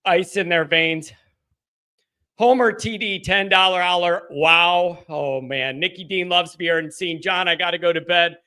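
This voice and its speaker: A man with a high, bright voice hosts a postgame livestream, reading viewer messages aloud. He sounds overcome with emotion, breathless and rambling. He stumbles and loses his place as he talks. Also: moderate pace, clean tone. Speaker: livestream host.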